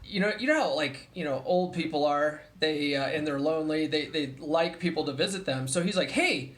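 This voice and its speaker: A young man with a fairly high-pitched voice tells a story in a relaxed vlog. He talks casually and curses often, with plenty of fillers and restarts. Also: a little fast. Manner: casual, profane, chatty with many fillers; mimics others in a raised voice when quoting them. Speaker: vlogger.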